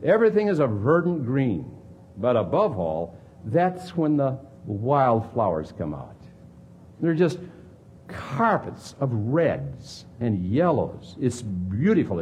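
A man's voice: mid-range voice, a little slow. Pastor guy preaching, voice swoops all over, slight background hiss. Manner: animated preaching, dramatic swings between emphatic and hushed. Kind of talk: sermon.

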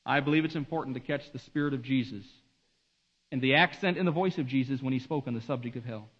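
A man preaching a sermon, swinging between hushed, slow passages and emphatic, rising delivery. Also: medium pitch, slightly rough. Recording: dull lo-fi recording.

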